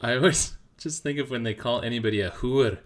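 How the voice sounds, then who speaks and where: A man's voice: mid-range voice, a little fast, slight background noise. A man co-hosting a chat podcast, playful and teasing, often laughing. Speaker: podcast co-host. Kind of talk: casual chat.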